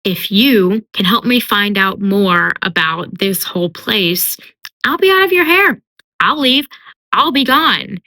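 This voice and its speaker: A woman's voice: mid-range voice, slow, hardly any pauses, sharp tone, dry recording. A woman voicing a blunt, determined young huntress who talks in casual modern slang. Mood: breezy.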